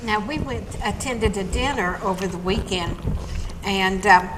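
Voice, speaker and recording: A woman's voice: mid-range voice, unhurried. Homey woman explaining recipes. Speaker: cooking show co-host. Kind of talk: casual chat over a dinner table. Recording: reverberant room with background noise.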